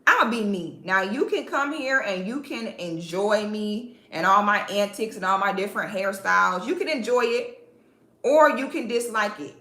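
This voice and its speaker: A sassy, profane woman from Central Florida with a Southern drawl, ranting bluntly on her live stream. Her voice is bright and forceful. The room around her is echoey. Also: mid-range voice, expressive, moderate pace. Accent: Southern American, Florida. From Central Florida, USA. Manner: sassy, profane, sharp comebacks. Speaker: femininity influencer hosting a live stream.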